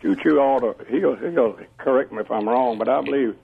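A man calling in to a radio show by phone, talking slowly and haltingly with chuckles. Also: medium pitch, vocal fry. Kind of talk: casual phone-in chat. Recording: tinny phone line.

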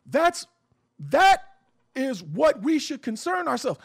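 A man's voice: very high-pitched, big pitch swings, slow. A man who hosts a radio show, giving passionate social commentary in an emphatic, preachy way and swearing freely. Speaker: radio show host, guest on a podcast.

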